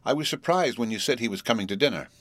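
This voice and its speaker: A man's voice: mid-range voice, lively intonation, fast, a bit bright, no echo, voice pushed up. A man voicing a fretful, prim young housewife who speaks curtly and disapprovingly. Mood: worried. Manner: curt, disapproving.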